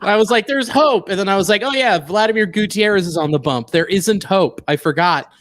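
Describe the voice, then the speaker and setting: A man appearing as a comedian guest on a sports podcast, excitable and sarcastic. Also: high voice, fairly quick. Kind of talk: casual sports chat.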